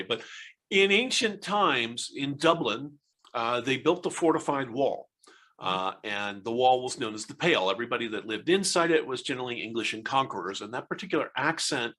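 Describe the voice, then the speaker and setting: Bright-voiced American man in his 60s. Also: medium pitch. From United States. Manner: rambling, hesitant storyteller with many fillers and restarts. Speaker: interview guest, author. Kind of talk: casual interview conversation.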